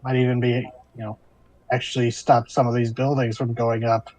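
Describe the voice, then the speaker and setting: A man voicing a small, greedy male imp demon with no table manners, chummy and excitable. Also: medium pitch, normal speed, close to an everyday voice, rough recording. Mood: excited. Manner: chummy, excitable, talks with mouth full. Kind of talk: tabletop role-play voicing.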